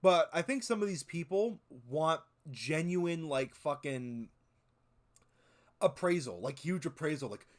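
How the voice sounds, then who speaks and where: A man's voice: a little high, lively intonation, moderate pace. A man in his twenties streaming, chatting casually and rambling with lots of swearing and fillers. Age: 20s. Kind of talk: casual stream chat reacting to videos.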